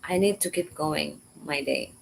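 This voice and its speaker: A woman casually telling a personal story in halting, repetitive English. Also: low-pitched, gravelly, a little hiss or hum, low-quality recording. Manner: halting, repeats words, simple learner English.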